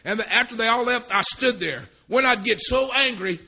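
A man preaching a sermon at a church service, telling folksy, rambling stories that swell into fervent shouts. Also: extremely high pitch, moderate pace, vocal fry. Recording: dull lo-fi recording.

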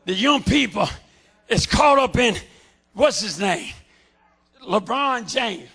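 A man preaching a fervent revival sermon in a church, shouting in a steady preacherly cadence. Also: high voice, slow, creaky, long pauses, slightly rough. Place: church sanctuary.

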